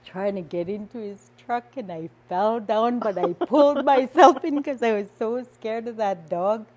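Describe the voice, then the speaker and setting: A woman's voice: a little high, moderate pace, darkish tone. An older woman from the Northwest Territories of Canada, casually telling a personal story and laughing often as she goes. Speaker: storyteller guest.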